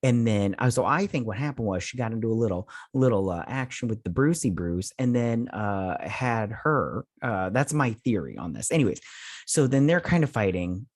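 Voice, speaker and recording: This fairly low-pitched male TV review host is animated and talks at a normal pace, rambling through a casual episode recap full of fillers. He comes across as exasperated. The sound is studio quality with no echo.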